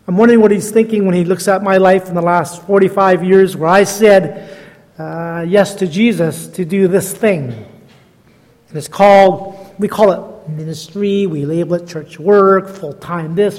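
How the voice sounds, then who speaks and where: Older male guest preacher, 60s, high voice, chatty storyteller who pokes fun at himself, long hall echo. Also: measured pace, darkish tone. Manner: chatty, self-deprecating, laughs at own jokes. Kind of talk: storytelling sermon.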